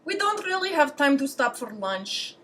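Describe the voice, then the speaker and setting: A man's voice: very high voice, sing-song, normal speed, fairly bright tone, heavily acted. A woman voicing a brusque male tour guide who talks in an offhand, matter-of-fact way. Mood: dismissive.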